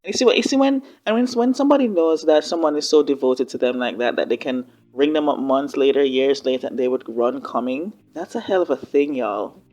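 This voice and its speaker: A woman giving casual reaction commentary on a TV drama, expressive and slangy, talking back at the screen. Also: rumbling low, fairly quick, hardly any pauses. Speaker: reaction video host.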